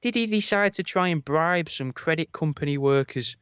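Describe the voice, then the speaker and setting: A man co-hosting a podcast, telling stories in a rambling, deadpan, casual way. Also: a little high, moderate pace, clear, resonant tone, no room sound, muffled recording. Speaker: podcast co-host. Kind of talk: casual comedic chat.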